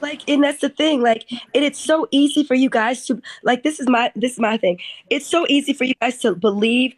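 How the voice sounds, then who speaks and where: A woman with a high voice speaks angrily, tripping over her words in quick restarts. Her voice sounds close and dry, with no room around it. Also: dry recording. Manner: angry, rapid, stumbling restarts. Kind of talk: heated live-stream talk.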